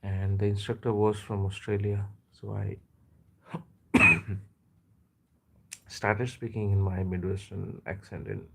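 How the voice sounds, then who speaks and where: A man from India hosting a casual live stream, chatting in a rambling way and often pausing to hesitate and correct himself. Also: fairly low pitch, little pitch movement, creaky, background noise. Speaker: livestream host.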